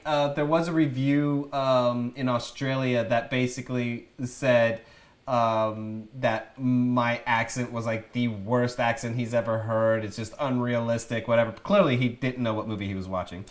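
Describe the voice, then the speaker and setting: Man from Texas, film actor, casual chat, laughs often, animated storytelling. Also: medium pitch, unhurried. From Texas, USA.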